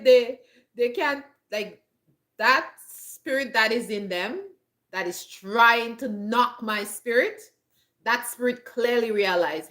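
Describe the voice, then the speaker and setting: This homestead vlogger speaks at a medium pitch with a slightly bright tone. Talking directly to camera in the countryside, she offers emphatic, blunt advice, laughs a lot, and has a frog in her throat.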